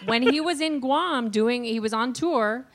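A woman co-hosting a radio show, chatty and quick to laugh. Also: fairly high pitch. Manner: chatty and giggly. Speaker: radio co-host. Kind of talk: casual radio chat.

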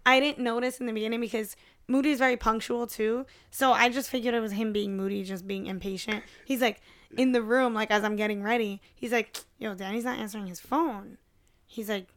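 Woman, casual chat, relaxed, laughs easily, higher voice. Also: a little fast. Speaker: friend in conversation.

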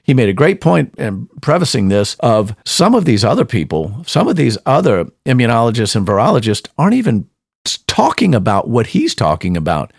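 A mid-pitched man hosts a show with emphatic casual commentary. He often repeats and restarts his words as he talks. His voice sounds dry and close, with no room echo. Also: huge pitch swings, fairly quick, gravelly, husky. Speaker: show host.

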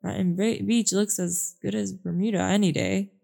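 A woman's voice: medium pitch, normal speed, gravelly, dark tone. A woman voicing a nervous, chatty male carnival showman who stammers and talks eagerly, reading a book aloud.

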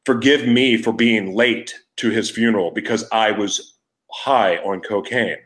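A man's voice: fairly low pitch, unhurried, fairly bright tone. A man hosting his own podcast, telling a raw personal story in a candid, emotional way, with frequent restarts and trailing thoughts. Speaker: podcast host.

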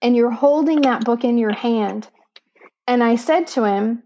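A woman's voice: fairly high pitch, a little slow, dark tone, highs cut off. A woman co-hosting a podcast, telling a story in an earnest, heartfelt way with self-deprecating asides, recorded on a laptop microphone. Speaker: podcast co-host. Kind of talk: reflective storytelling chat.

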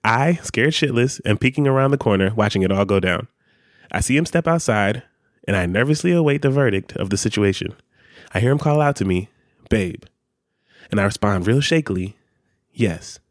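A man's voice: fairly low pitch, brisk, dry recording. A man chatting casually as a podcast co-host, his voice swinging up and down as he tells stories. He jokes, laughs and curses freely. The sound is dry and close to the mic. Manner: animated, laughs often, swears casually. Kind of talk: casual chat and story reading.

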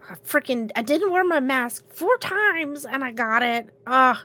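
A woman co-hosting a podcast, still congested from illness, telling an animated story with casual swearing. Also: high voice, a little slow. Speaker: podcast co-host.

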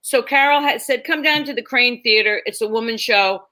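A woman's voice: fairly high pitch, moderate pace, poor audio. A middle-aged woman, a stand-up comedian, telling a story casually and acting out the people in it. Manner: animated, acts out quotes in the story.

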